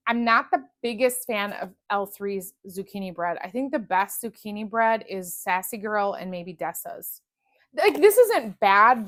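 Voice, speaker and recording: A woman's voice: mid-range voice, no echo. Chatty woman gushing over wax melts. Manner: chatty, gushing, restarts often. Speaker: wax melt reviewer. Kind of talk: casual product review chat.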